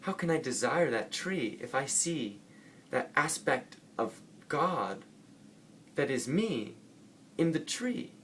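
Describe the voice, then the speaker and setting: A man's voice: medium pitch, big pitch swings, slow pace, fairly bright tone, a little hiss or hum. A man vlogging casually about spiritual ideas. He rambles playfully and often corrects himself mid-sentence. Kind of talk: casual spiritual talk to camera.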